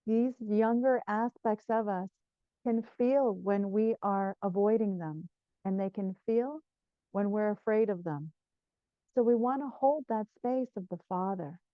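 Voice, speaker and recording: A woman speaking as a healer guest in an interview, talking in a gentle, soothing and reflective way. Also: medium pitch, dry recording, muffled recording. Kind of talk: guided explanation in an interview.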